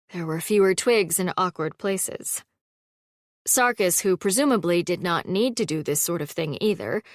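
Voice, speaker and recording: A woman narrating a fantasy audiobook in a calm, even storytelling manner. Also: mid-range voice, no room sound, clean studio sound.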